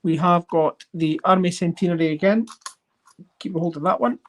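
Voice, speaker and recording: A host chatting casually on a livestream while sorting coins, rambling and getting excited over finds. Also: medium pitch, moderate pace. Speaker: coin collecting channel host.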